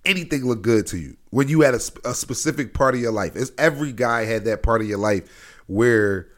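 A man's voice: mid-range voice, brisk. Laid-back man telling crude stories. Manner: animated storytelling with loud outbursts and laughs. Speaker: podcast co-host. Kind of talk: crude casual chat.

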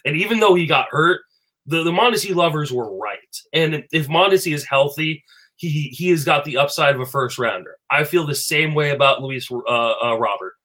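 A man talking fantasy baseball in a casual chat, animated and full of fillers and restarts. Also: a little high, a little fast. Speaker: fantasy baseball podcast panelist.

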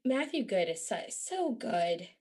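A woman's voice: mid-range voice, big pitch swings, measured pace, a little mellow. A woman hosting a podcast, chatting casually about films with eager enthusiasm, many ums and frequent laughter. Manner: enthusiastic, laughing, gushing with fillers. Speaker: podcast host.

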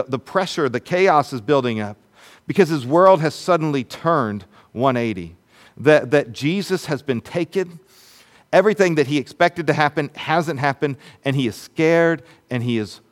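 A man preaching a sermon in a conversational way, with many fillers and restarts, who drops to a hushed voice for dramatic moments. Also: mid-range voice. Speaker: pastor.

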